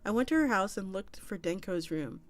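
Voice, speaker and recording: A woman streamer reading forum posts aloud in an unfussy, casual manner. Her voice sits at a middle pitch, and she trips over a word now and then before carrying on. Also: animated, brisk. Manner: plain reading with small slips and restarts. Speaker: streamer reading an internet story.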